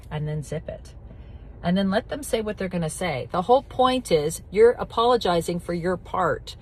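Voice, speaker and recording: A woman's voice: lowish voice, lively intonation, moderate pace, husky. Blunt, direct middle-aged woman. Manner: blunt, direct, emphatic, swears casually. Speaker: recovery coach. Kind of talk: casual teaching talk to camera.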